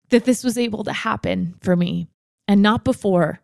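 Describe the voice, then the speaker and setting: Here a twenty-something woman hosting a podcast recounts something personal, sincere and candid, with emotional moments. Her medium-pitched voice is creaky and a little mellow at a moderate pace, in clean studio sound without echo.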